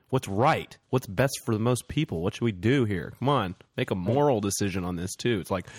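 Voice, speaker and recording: A man's voice: mid-range voice, dry recording, clean studio sound. A man co-hosting a podcast, talking in an opinionated, exasperated way with many fillers. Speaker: podcast co-host. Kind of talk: casual podcast chat.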